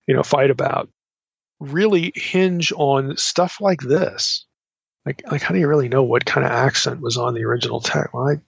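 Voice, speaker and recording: Male Bible teacher, halting and digressive, dull dry lo-fi recording. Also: medium pitch, creaky, breathy edge, dry recording. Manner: halting, many restarts and asides, reads quotes from commentaries. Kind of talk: unscripted Bible study lecture.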